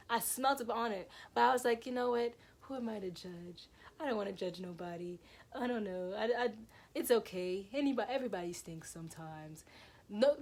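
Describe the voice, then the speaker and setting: A young woman casually telling a personal story to her viewers, rambling with many restarts and fillers. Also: on the high side. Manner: rambling, lots of "like" and restarts, addresses viewers as y'all.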